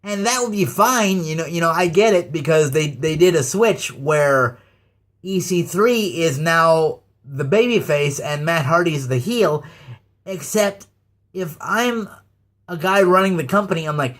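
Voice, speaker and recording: Slow, halting man ranting. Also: a little high, a bit bright. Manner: slow, halting, with many fillers and stammers. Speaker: YouTube ranter. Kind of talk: casual rant to camera.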